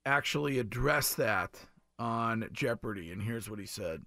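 A man's voice: medium pitch, lively intonation, unhurried, creaky, heavy background noise. A man hosting a radio show in a studio, with playful, teasing banter and frequent laughs. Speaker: radio host. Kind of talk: casual morning radio chat. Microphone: studio mic.

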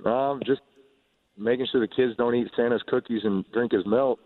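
A man's voice: medium pitch, steady tone, moderate pace, no room sound. A middle-aged man, a quarterback guest, chatting on a radio show with many restarts and fillers. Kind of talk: casual radio phone interview. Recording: dry tinny phone line.

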